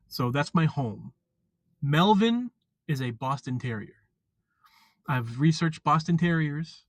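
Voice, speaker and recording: A man chatting casually on a live stream, rambling and halting with lots of fillers and restarts. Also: mid-range voice, no echo. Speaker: vlogger.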